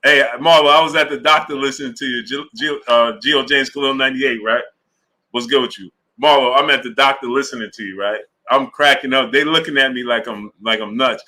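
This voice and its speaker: Animated, bright-voiced man hosting a live stream. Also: mid-range voice, fairly quick. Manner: animated, talks to chat viewers by name. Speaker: sports live-stream host. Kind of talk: casual live-stream commentary.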